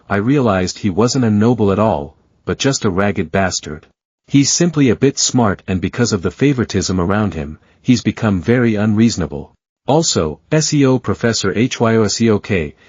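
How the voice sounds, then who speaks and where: A man reading a story recap in a steady, even narration. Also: on the low side, breathy edge, dry recording, dull audio.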